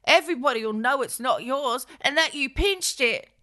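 A woman's voice: high-pitched, animated, normal speed, sharp tone, voice pushed up. A woman voicing a nervous, hesitant male sidekick thief. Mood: worried. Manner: anxious, hesitant.

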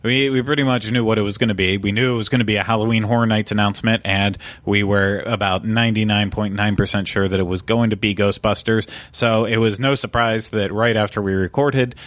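A man's voice: on the low side, steady tone, fairly quick, few pauses, a bit bright, dry recording. A man hosting a podcast, chatting casually and poking fun at himself, with lots of restarts. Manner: self-deprecating, rambling with restarts. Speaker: podcast host. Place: studio.

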